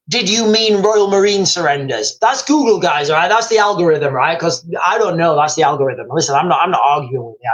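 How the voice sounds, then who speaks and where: A man's voice: sits high, a bit bright, rough recording. A man hosting a live stream, talking in a rambling, emphatic way, reading out viewers' comments and calling them guys.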